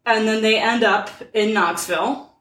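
A woman's voice: a little high, normal speed, a bit bright, roomy sound, distant mic, low-quality recording. A woman co-hosting a podcast, recapping a movie with hesitant, amused hedging. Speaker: podcast co-host. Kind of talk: casual chat, summarizing a film plot.

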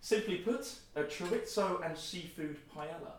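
A man's voice: high-pitched, moderate pace, a little hiss or hum. A young man in his twenties hosting a casual family podcast, playfully announcing his dishes with mock ceremony. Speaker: podcast host. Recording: roomy, distant mic, faint clatter.

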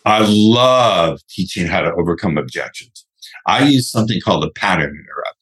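Husky, blunt low-voiced man. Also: lively intonation, moderate pace, fairly bright tone. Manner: blunt, brash, swears freely. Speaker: sales trainer guest. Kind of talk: podcast interview.

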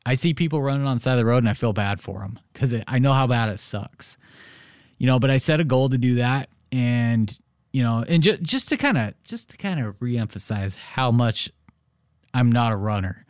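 A man's voice: mid-range voice, moderate pace, no room sound. Chatty male podcast host, dry sound. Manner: animated storytelling, many "you know" fillers. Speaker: real estate podcast host. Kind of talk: casual solo podcast monologue.

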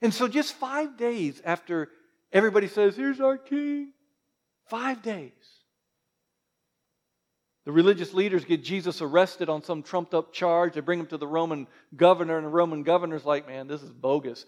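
A man preaching a sermon as pastor, lively, with joking asides to the congregation. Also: high voice, moderate pace.

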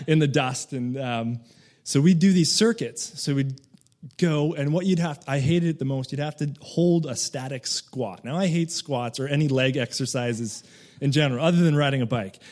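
A man's voice: medium pitch, moderate pace, darkish tone. A man giving a loose, conversational sermon, full of fillers and asides, who once lived in Canada. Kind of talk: casual sermon.

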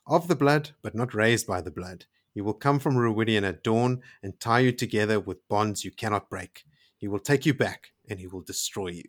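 A man's voice: fairly low pitch, moderate pace, no echo, clean studio sound, close to an everyday voice. Ancient sorceress foretelling doom, read by a man in his own voice. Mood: solemn. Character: ancient prophetic sorceress, solemn woman.

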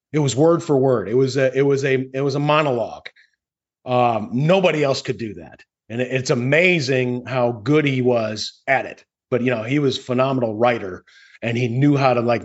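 A man's voice: mid-range voice, breathy edge. Middle-aged man telling stories, stop-start. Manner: halting, repeats words, storytelling. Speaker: radio host, co-host. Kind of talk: casual chat. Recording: dull lo-fi sound.

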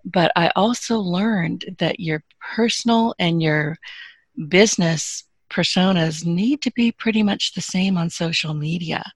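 A woman's voice: fairly low pitch, a little slow, slightly rough, no echo. A woman, a podcast guest who gives business advice in a frank, emphatic and joking way. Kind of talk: casual interview advice.

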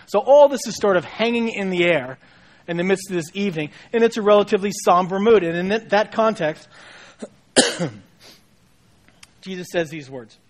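High-voiced man preaching casually. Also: moderate pace, pauses often. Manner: casual storytelling, voices the people in the story with mild humor. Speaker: pastor. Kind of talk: conversational Easter sermon.

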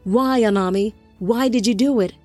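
A woman's voice: on the high side, normal speed, a little mellow, dry recording, soft background music, close to an everyday voice. Woman voicing a stern angelic captain. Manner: firm and commanding. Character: stern male angelic captain, loyal and firm.

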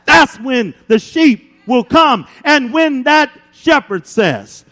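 A man preaching a sermon as pastor, building emphasis with dramatic pauses. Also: very high voice, sing-song, pushed and bright.

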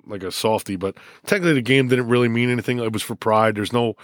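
A middle-aged high school football coach tells stories emotionally in a casual interview, often restarting and repeating himself. He speaks fast, and the clean studio sound has no echo.

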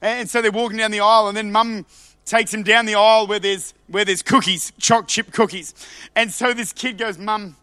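A male preacher delivering a sermon in a high, bright, forceful voice. He jumps from hushed asides up to fervent shouts and often stumbles into repeated words. The sound is close and dry. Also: steady tone, moderate pace, clear, resonant tone, no echo. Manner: passionate, swings between loud shouts and quiet asides, repeats words.

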